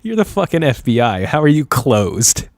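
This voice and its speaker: A man's voice: mid-range voice, big pitch swings, normal speed, darkish tone, no echo, studio quality. A young man co-hosting a podcast in casual, rambling chat, joking and laughing often. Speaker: podcast co-host.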